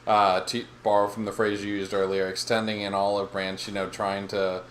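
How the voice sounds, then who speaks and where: A man with a lowish voice co-hosts a podcast, talking loosely and laughing as he retells scenes. He acts out bits of dialogue as he goes. A faint hiss sits under the recording. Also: flat delivery, normal speed, a bit bright. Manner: rambling, laughs often, acts out quotes. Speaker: podcast co-host. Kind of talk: casual recap chat.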